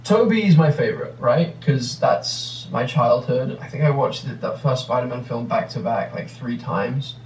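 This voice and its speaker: A man's voice: mid-range voice, moderate pace, few pauses, reverberant, distant mic, slight background noise, poor audio. A man in his thirties with an English accent, answering questions in a rambling, reflective way with many restarts. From England. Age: 30s. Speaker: actor answering fan questions. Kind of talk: casual interview answers.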